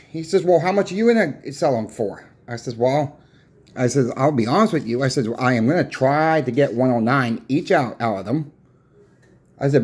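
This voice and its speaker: A coin shop owner with a mid-range, darkish voice casually retells an argument with a customer in a storytelling vlog. His telling is folksy and plain-spoken, peppered with repeated "I said" and "I says" tags.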